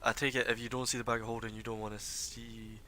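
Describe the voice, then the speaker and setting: A man's voice: medium pitch, level tone, fast talker, pushed and bright, slight background noise. A man narrating as dungeon master in casual, swearing talk full of fillers. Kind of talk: narrating a tabletop game. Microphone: streaming desk mic.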